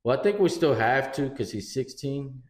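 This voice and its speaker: Medium-pitched and speaking at normal speed, this middle-aged man co-hosts a podcast and spins family stories casually. He's animated, swears a lot, and acts out quotes, with a roomy echo on the audio.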